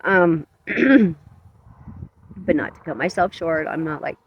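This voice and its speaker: A man talking earnestly to his camera outdoors at dusk, his voice shaky from cold and emotion, halting and self-conscious. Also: a little high, animated, breathy edge, muffled recording. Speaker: vlogger. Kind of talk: emotional outdoor vlog monologue. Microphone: camera mic up close.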